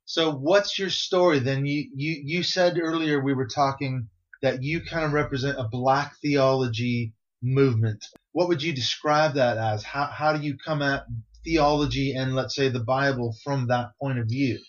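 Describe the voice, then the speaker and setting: A man's voice: mid-range voice, steady tone, normal speed. American man, podcast host, friendly conversational questions, dull lo-fi recording. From United States. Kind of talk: podcast interview.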